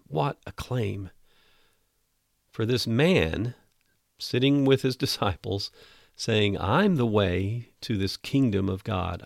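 A man hosting a podcast Bible teaching, earnest and emphatic, reading scripture slowly. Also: lowish voice, vocal fry, no room sound, studio quality.

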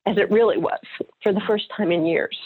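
A middle-aged woman speaks with earnest, heartfelt warmth as she tells her story. Her voice is slightly husky. It comes through a narrow, tinny phone line. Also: medium pitch, steady tone, brisk. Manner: earnest, emotional storytelling with light laughs. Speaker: actress guest. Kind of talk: personal testimony in interview.

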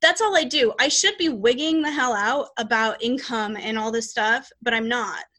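Her podcast finds a woman, a psychic reader, rambling casually through her life and readings with many restarts. She speaks at a normal speed, her voice fairly high-pitched and sharp.

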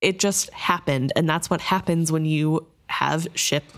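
A woman's voice: low voice, unhurried. A woman co-hosting a casual book discussion, chatty, often saying "like" and laughing easily.

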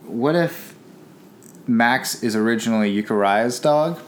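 A man's voice: mid-range voice, unhurried. A man in casual chat, laid-back and brief, trading ideas with a friend.

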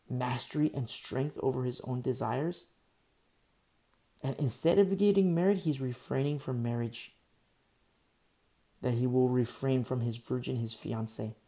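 Male preacher, gravelly fry, repeats phrases, asks rhetorical questions. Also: mid-range voice, warm tone. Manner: teaching verse by verse, repeating key phrases for emphasis. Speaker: pastor. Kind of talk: sermon.

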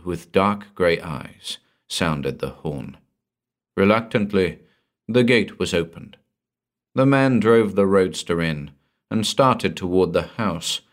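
A man narrating a pulp crime story aloud in a tense, dramatic reading. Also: deep voice.

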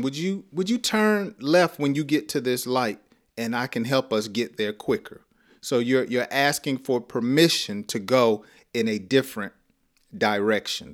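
A man teaching a live-streamed English lesson, slowly repeating example phrases and now and then chuckling at his own examples. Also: medium pitch.

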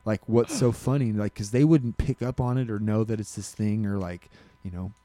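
A man's voice: fairly low pitch, moderate pace, warm tone, dry recording. A man co-hosting a podcast, chatting casually and telling a rambling story full of restarts and self-corrections. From Alaska. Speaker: podcast co-host. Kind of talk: casual chat.

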